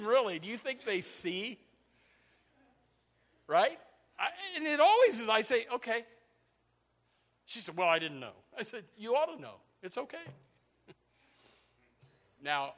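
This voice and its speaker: Animated high-voiced older preacher. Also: male voice. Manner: animated preaching with humor and shouts. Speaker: pastor. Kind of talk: sermon.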